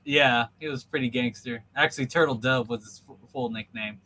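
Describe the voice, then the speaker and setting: A man's voice: medium pitch, normal speed, bright, forceful tone, low-quality recording. A man hosting a podcast over a video call, telling a story in a rambling way full of ums and likes. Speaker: podcast host. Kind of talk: casual storytelling chat.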